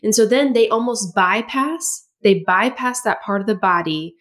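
A woman's voice: medium pitch, moderate pace, a bit bright. Reflective woman podcast host. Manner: reflective, affirming with frequent "yeah" and "like". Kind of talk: podcast conversation.

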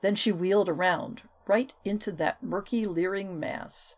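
A woman reading a historical novel aloud as an audiobook narrator, with expressive, varied delivery. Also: mid-range voice, unhurried. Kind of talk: scripted narration.

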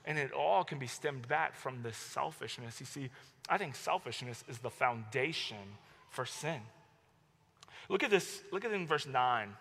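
A male pastor preaching a sermon, telling stories in an animated way and acting out his own outbursts. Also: mid-range voice, unhurried, vocal fry, husky. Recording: long hall reverb.

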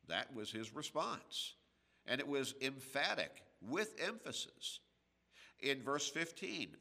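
A man preaching a radio sermon, slow and emphatic, with dramatic pauses between phrases. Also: mid-range voice, lively intonation, gravelly, pushed and bright, long reverb tail.

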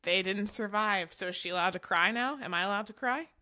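Bright-voiced woman podcast co-host. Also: medium pitch, fairly quick. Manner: builds a case playfully, quoting lyrics as evidence. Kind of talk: casual chat.

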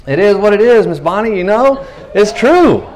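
A man preaching a sermon in a conversational, animated way, acting out the voices of the people in the stories he tells. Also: sits high, moderate pace.

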